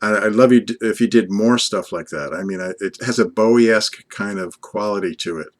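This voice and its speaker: A man's voice: lowish voice, a little fast. An older man from Long Island talking earnestly and fondly in a rambling vlog monologue, addressing an unseen companion. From Long Island, USA. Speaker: vlogger.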